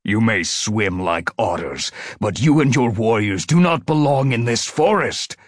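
A man voicing a massive, fierce dark tabby tomcat warrior who growls his commands, in a storybook reading. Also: fairly low pitch, expressive, unhurried, dry recording, clean studio sound. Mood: defiant growl.

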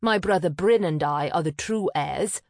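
A woman's voice: lowish voice, very animated, unhurried, darkish tone, no echo, clean studio sound. A woman voicing a lofty, demanding young noble sister. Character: legitimate middle sister, lofty young girl.

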